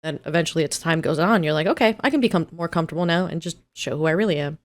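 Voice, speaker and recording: A woman's voice: low-pitched, very fast. A young woman co-hosting a podcast, teasing and swearing casually and laughing often. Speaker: podcast co-host. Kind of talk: casual chat.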